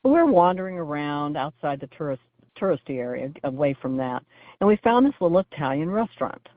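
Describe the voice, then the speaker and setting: A woman's voice: low-pitched, very animated, a little fast, dry recording. A woman calls in to a radio show and leaves a chatty, laughing voicemail. Her voice comes through a thin, tinny phone line with no room sound. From Oregon, US. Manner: chatty storyteller, laughing as she goes. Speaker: caller.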